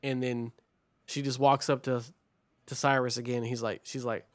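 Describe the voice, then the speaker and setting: A man's voice: mid-range voice, level tone, normal speed, dry recording. A man co-hosting a podcast, recapping a movie plot in a rambling, profane way, full of "like" and acted-out quotes. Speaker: podcast co-host.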